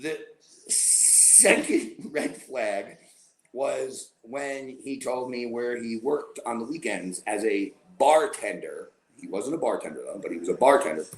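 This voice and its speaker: A man's voice: mid-range voice, measured pace. A man telling a long, rambling story on a casual podcast, acting out the lines of the people in it. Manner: animated, rambling storyteller who acts out quoted dialogue. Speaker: podcast co-host. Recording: roomy echo.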